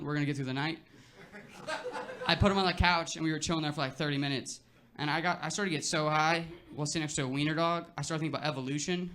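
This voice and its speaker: A man's voice: on the high side, background noise. A young man doing a stand-up set on a club stage, talking in a loose, laid-back way full of filler words, with the audience laughing. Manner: laid-back, filler-heavy delivery with frequent "like" and "you know". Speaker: stand-up comedian.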